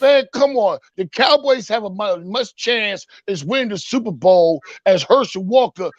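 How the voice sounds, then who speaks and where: A man's voice: high voice, lively intonation, moderate pace, dry recording, muffled recording. A man doing a comedic sports rant segment, mocking and punchy, with a repeated catchphrase. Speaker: sports talk segment host.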